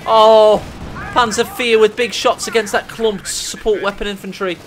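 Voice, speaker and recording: A high-pitched man calls a strategy game match with jokey, excitable energy, his voice climbing into shouts at the big plays. Faint gunfire and engine sounds from the game run underneath. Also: moderate pace, a little hiss or hum. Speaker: game caster. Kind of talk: energetic esports commentary.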